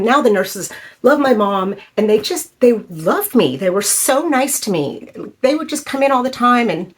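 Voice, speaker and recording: A woman in her fifties telling a personal story in a halting, emotional way, with many fillers. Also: medium pitch, breathy edge. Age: 50s. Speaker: vlogger.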